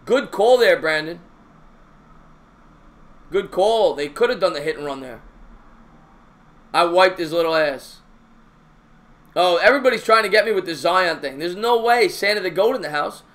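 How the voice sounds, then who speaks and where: A man streaming his own baseball play-by-play, calling pitches and chatting with viewers in a jokey, excitable way. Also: normal speed, pauses often. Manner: excitable, raises voice on big hits. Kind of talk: live-stream baseball play-by-play with chat shout-outs.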